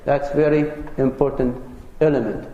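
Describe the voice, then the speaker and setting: A man's voice: medium pitch, normal speed, mellow, dull audio, slight background noise. A man giving an earnest, conversational lecture as a religious teacher, sharing personal anecdotes with his audience. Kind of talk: lecture on parenting. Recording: roomy hall with long reverb.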